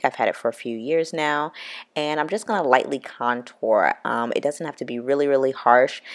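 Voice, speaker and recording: Very low-voiced woman with a cold. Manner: casual, chatty with many fillers. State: nasal from a cold. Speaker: beauty vlogger. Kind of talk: makeup tutorial.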